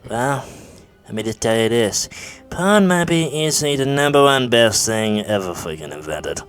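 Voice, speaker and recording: A man voicing a crude, smug teenage friend in a comedy skit, lecturing in a cocky, lewd, drawn-out way. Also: medium pitch, expressive, soft background music, close to an everyday voice.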